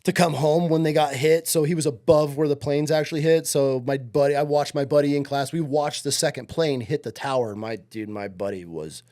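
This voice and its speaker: A man in his forties from upstate New York, talking as a podcast guest. He is animated and profane, acting out the voices of people in his stories. His voice sits fairly high for a man. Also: fairly quick, few pauses. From upstate New York, USA. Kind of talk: casual storytelling.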